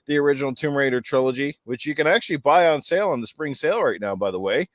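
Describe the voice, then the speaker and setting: A man's voice: mid-range voice, fast, no room sound, studio quality. A Canadian man hosting a casual gaming podcast panel, rambling into joking rants. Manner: rambling, jokey ranting. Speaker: podcast host.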